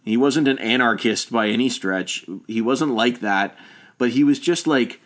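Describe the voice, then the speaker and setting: A man in casual conversation, speaking with lively enthusiasm and agreeing readily. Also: mid-range voice, a little slow. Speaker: podcast co-host discussing a film.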